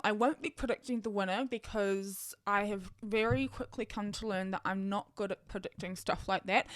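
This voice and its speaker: A young woman hosts her own podcast, chatting excitedly and thinking aloud with lots of ums. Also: fairly high pitch, no echo, studio quality. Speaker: podcast host. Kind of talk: casual solo podcast chat.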